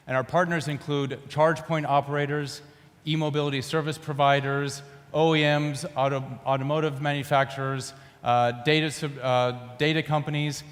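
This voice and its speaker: A man voicing a talking software platform that introduces itself in a formal, salesy tone. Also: close to an everyday voice. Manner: formal, announcer-like sales pitch. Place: conference stage in a large hall. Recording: long reverb of a large hall.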